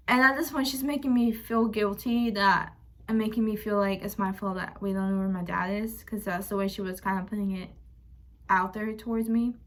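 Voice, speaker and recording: A young woman vlogger candidly recounting a painful family story, speaking frankly and emotionally, quoting arguments and swearing now and then. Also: medium pitch. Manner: emotional, frank, retells arguments with "I'm like" quotes and occasional swearing. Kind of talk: candid personal storytelling to camera.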